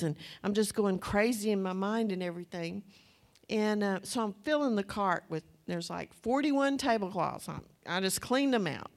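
A woman preaching a testimony sermon, telling her story in a chatty, breathless way and acting out her own past words. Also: mid-range voice. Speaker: church speaker.

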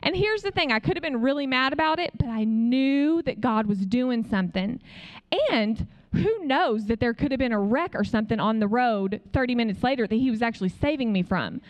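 A woman preaching in a conversational way, telling a personal testimony as an animated story and acting out what other people said. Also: a little high, a little fast. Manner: frequent "like" fillers. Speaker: speaker sharing a testimony.

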